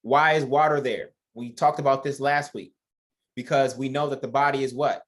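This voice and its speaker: A man's voice: medium pitch, steady tone, normal speed. A man leading an informal Bible study who reads verses aloud and comments on them in a joking, conversational way, addressing listeners as y'all.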